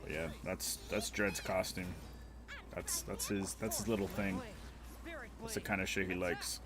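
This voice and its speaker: A man's voice: deep voice, level tone, unhurried. A young man live-streaming a game, chatting casually with viewers in a crude, joking, rambling way. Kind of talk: casual gaming stream chat.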